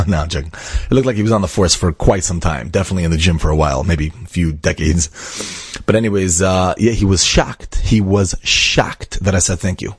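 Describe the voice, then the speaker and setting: A man from Brooklyn, telling an animated inspirational anecdote and acting out the dialogue. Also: quick pace, slightly rough, no room sound, clean studio sound. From Brooklyn, New York. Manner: animated, acts out dialogue with big pitch jumps. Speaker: storyteller.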